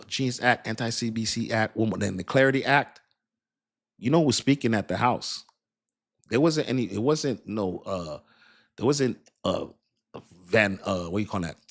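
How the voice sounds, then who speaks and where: A man streaming casual, emphatic commentary to his viewers, repeating himself and asking them questions. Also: lowish voice. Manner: emphatic, repetitive, talks straight to viewers with "y'all" and "you understand"; laughs and jokes about his own accent. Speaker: crypto streamer. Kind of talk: casual hype commentary to a live chat.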